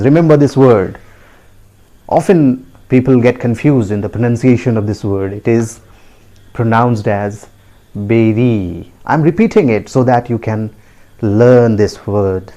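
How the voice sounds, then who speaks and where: A man with an Indian English accent gives a pronunciation lesson at an unhurried, drawn-out pace. His tone is mellow and warm, and he repeats each word carefully. He checks in with the listener through a sharply rising "right?". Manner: repetitive, deliberate, asks the listener with a high rising "right?". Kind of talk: video lesson.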